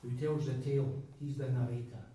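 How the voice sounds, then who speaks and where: A man introducing a song at a folk club, chatting in a halting way with many ums and restarts. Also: medium pitch, level tone. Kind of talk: live stage patter between songs. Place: folk club room at a live gig. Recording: echoey live room from far off, loud guitar.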